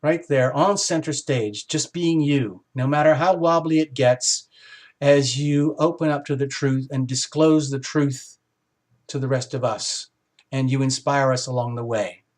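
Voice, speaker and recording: A man giving a casual, rambling tarot reading, animated and exclamatory as he talks to his viewers. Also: medium pitch, measured pace. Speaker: tarot reader.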